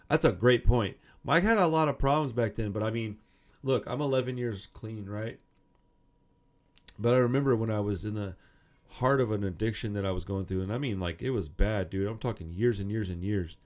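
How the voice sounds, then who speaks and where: A man in his thirties who hosts punk music videos gives casual, rambling commentary, reading quotes from a magazine article and swearing often. His voice is on the low side, at a moderate pace.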